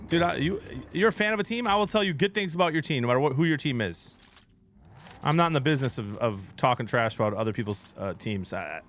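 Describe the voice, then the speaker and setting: A man's voice: medium pitch, slight background noise. A man streaming live, chatting casually with his viewers and getting worked up as he argues. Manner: animated, gets worked up arguing sports; talks to chat between gameplay. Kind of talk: casual livestream chat.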